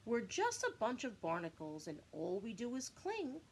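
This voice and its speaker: A woman's voice: fairly high pitch, wildly swooping pitch, moderate pace, a little hiss or hum. A bunch of content barnacles speak up matter-of-factly in a storybook, read by a woman. The delivery is cheerful and bouncy. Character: cheerful, clingy crowd of barnacles.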